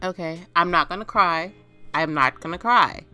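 A woman's voice: low voice, measured pace, pushed and bright, soft background music. A woman hosting a let's play on her gaming channel, talking through the game in a dramatic, exclaiming way.

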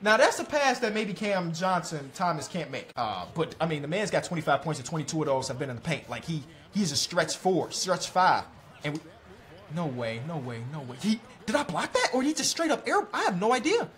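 A young man commenting on his own basketball video game as he plays, talking to the players on screen, mocking himself and shouting at big plays. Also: a little high, very animated, brisk. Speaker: gaming YouTuber.

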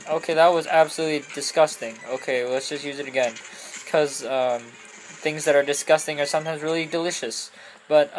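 A young woman giving goofy, rambling commentary over a video game, often breaking into loud squeals and silly voices. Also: low voice, a little hiss or hum, low-quality recording. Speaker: let's play commentator.

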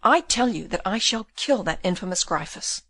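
A woman's voice: medium pitch, expressive, normal speed, a bit bright, dry recording. A desperate young prisoner, furious and pleading, as a woman reads him in an audiobook. The voice sits in a mid register and is recorded dry and close. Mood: raging. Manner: pleading and raging.

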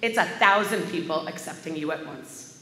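A woman's voice: deep voice, moderate pace, a bit bright, slight background noise. A woman minister delivering a sermon as a vivid personal story. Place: large church sanctuary. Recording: echoey hall with faint ambience.

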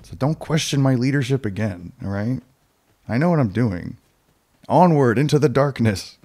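A man's voice: medium pitch, lively intonation, normal speed, a little mellow, a little hiss or hum. A man giving comedic gameplay commentary, sarcastic and swearing as he rants at the game. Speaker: gaming video host.

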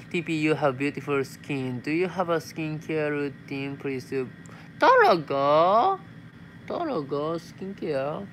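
Slow-talking Japanese-accented young man. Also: on the high side, slight background noise. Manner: reads messages aloud, replies in simple English with Tagalog words. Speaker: vlogger. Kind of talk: casual live stream, reading viewer comments.

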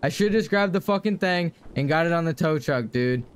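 A man's voice: on the high side, lively intonation, brisk, clean tone. A young man streaming a game, talking casually to his chat and ranting with lots of swearing.

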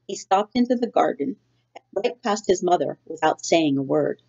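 A woman teacher reads a children's novel aloud to her class in a steady storytelling way. Her voice is low and gravelly. The recording sounds dull and lo-fi. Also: moderate pace.

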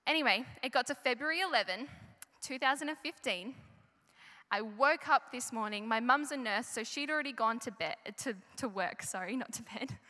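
Recorded live in a big church hall with lots of reverb, a young woman presents the children's story, chatting and quizzing her listeners. She speaks at a normal pace in a fairly high, expressive voice that's pushed and bright.

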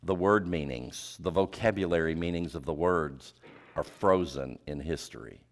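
A male preacher giving a sermon, asking the congregation rhetorical questions and dropping his voice low for emphasis. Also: moderate pace. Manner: drops pitch and volume for emphasis.

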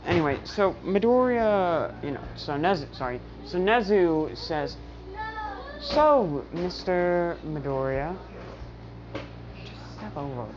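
Low-voiced woman telling a rambling fan story. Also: animated, normal speed, few pauses, background noise. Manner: rambling, with many fillers and restarts. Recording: dull lo-fi recording.

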